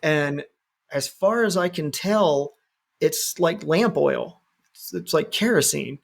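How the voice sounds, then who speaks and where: A man with a slightly raised, gravelly voice hosts a casual podcast. He tells stories with lively energy, swears freely, and breaks into laughter often. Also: on the high side, takes it slowly. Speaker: podcast host. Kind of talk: casual chat.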